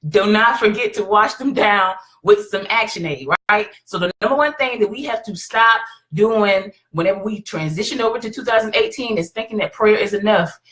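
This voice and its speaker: A woman's voice: medium pitch, a bit bright. Encouraging woman hosting a live stream. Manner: encouraging, keeps checking in with "right?". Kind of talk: motivational live stream talk.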